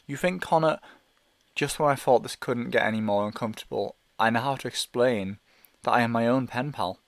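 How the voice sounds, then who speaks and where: A man's voice: mid-range voice, fairly quick, vocal fry, no room sound. A man reading a novel aloud in first person, with an anxious, hesitant inner monologue. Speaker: audiobook reader.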